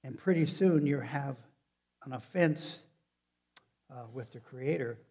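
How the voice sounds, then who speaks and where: A man's voice: mid-range voice, slow pace, warm tone, husky. A male preacher giving a sermon in a loose, conversational style. He often stops and restarts his sentences and turns to the congregation with questions. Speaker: pastor.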